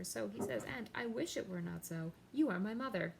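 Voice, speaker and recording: A woman teacher explaining a play to her class, reading the quoted lines aloud with lively emphasis. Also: medium pitch, brisk, gravelly, hardly any pauses, a little hiss or hum, poor audio.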